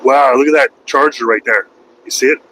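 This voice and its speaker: A man's voice: mid-range voice, a little fast, bright, forceful tone, a little hiss or hum, rough recording. Rambling trucker man vlogging from his cab. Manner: loose and conversational, slangy, repeats himself and trails off. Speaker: truck driver vlogging from the road. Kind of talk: casual rambling vlog chat.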